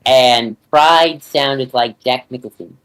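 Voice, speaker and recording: A man chatting as a podcast guest, relaxed fan talk with many "you know"s. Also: mid-range voice, slow, clean tone, low-quality recording. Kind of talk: casual chat.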